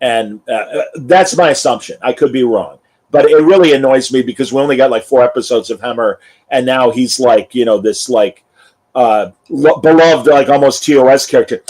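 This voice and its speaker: A man with an ordinary mid-range voice hosts a relaxed review chat. He talks in an easy, conversational way and reads out listener comments. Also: medium pitch, normal speed, low-quality recording. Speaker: podcast host.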